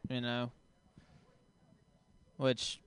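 A man from Texas doing a stand-up set with deadpan, ironic one-liners. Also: medium pitch, drawn-out words, clean tone, no room sound. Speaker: stand-up comedian.

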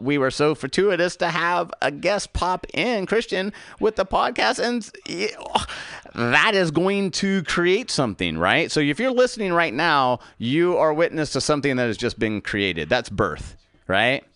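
A man's voice: mid-range voice, animated, normal speed, a bit bright, clear, resonant tone, no room sound, studio quality. A man co-hosting a podcast, wrapping up the episode and speaking reflectively to the listeners. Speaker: podcast co-host. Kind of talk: closing a show.

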